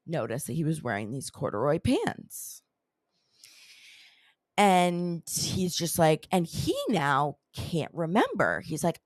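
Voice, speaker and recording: A woman's voice: deep voice, expressive, a little slow, dry recording, clean studio sound. Rambling woman host telling a story. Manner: rambling, heavy use of "like" and "you know". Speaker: podcast host. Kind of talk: casual storytelling.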